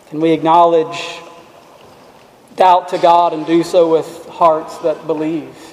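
A man preaching a sermon in an earnest, emphatic way, dropping to quiet asides. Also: fairly high pitch, flat delivery, a little slow. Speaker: pastor. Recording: echoey hall with long reverb.

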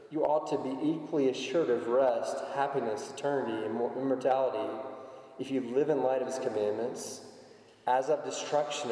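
Pastor preaching in an echoey hall. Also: male voice, medium pitch, warm tone, far from the mic. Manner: conversational preaching with anecdotes. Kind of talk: sermon.

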